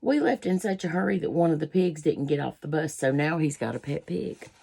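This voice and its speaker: A woman's voice: deep voice, animated, a little fast, gravelly, mellow, slight background noise. A woman reading a children's picture book aloud, breaking off for folksy asides to her listeners. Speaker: storybook reader.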